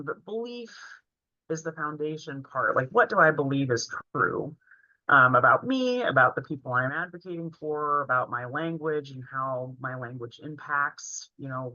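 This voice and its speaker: A woman's voice: sits low, sharp tone, no echo. A woman in her forties telling a heartfelt personal story in an earnest way while presenting a training session. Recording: dull, lo-fi, dry sound.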